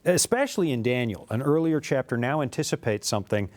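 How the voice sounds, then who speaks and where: A man's voice: medium pitch, lively intonation, fast. A middle-aged man co-hosting a casual religious discussion, emphatic and repeating key phrases for effect. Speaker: co-host.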